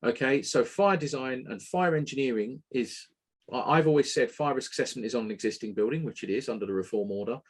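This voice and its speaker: Male webinar host, husky, opinionated, lively delivery. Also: medium pitch, a little fast. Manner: animated, opinionated, occasional swearing. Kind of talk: casual technical webinar talk.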